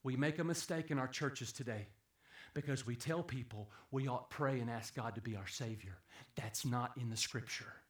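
A man preaching a sermon, swinging from hushed, low passages to loud, emphatic peaks. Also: normal speed, echoey room. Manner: dramatic swings from hushed to shouting.

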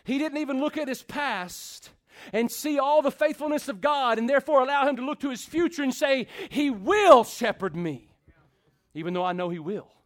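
Pastor, high voice, middle-aged, preaches with dramatic pauses and hushed-to-loud swings. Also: male voice. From Texas. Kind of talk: sermon.

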